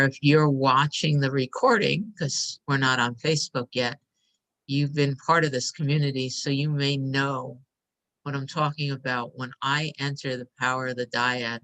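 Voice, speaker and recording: A woman hosting a live stream, speaking softly and emotionally as she guides listeners through a breathing meditation. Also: extremely low pitch. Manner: soft, emotional, inviting. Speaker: host.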